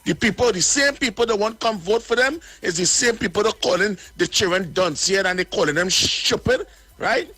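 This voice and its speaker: A man with a Trinidadian accent speaks in a very high, bright, ringing voice. He sounds blunt and indignant as he lays out his political complaints. The recording is dry and close, with faint music underneath. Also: moderate pace, husky, no echo. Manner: blunt and indignant, repeats words. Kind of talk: political commentary.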